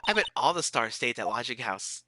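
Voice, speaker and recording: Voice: medium pitch, very animated, brisk, very noisy, voice pushed down, natural voice. Cheerful teen girl sidekick, chirpy and teasing; streamer doing the voice. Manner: chirpy and playful. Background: loud game music.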